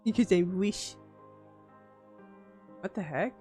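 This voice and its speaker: A woman's voice: mid-range voice, slow, warm tone, soft background music. A woman streamer chatting casually and playfully with her chat, giggly and gushing, from a home streaming setup on a desk mic.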